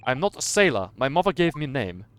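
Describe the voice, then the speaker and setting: A gruff, burly sailor barks short, clipped lines, blunt and loud, as a man puts him on. The voice rises and falls with lively swings, and a faint hiss sits underneath. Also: medium pitch, fast. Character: burly rude male ship's sailor, broken English.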